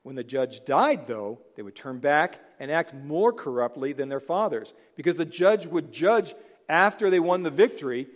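Animated preacher in a reverberant hall. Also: male voice, on the high side, normal speed. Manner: animated, acts out biblical figures in voices. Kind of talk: sermon.

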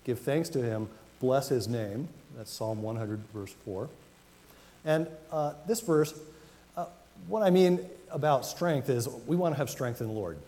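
A man preaching a sermon as pastor, talking conversationally and reading scripture slowly with emphasis. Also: mid-range voice, lively intonation, mellow. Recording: long reverb of a hall, faint noise.

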